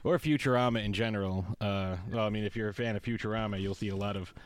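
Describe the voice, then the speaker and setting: A man hosting a podcast in casual chat, talking fast and joking with theatrical flair. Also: lowish voice, fairly even intonation, smooth. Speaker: podcast host.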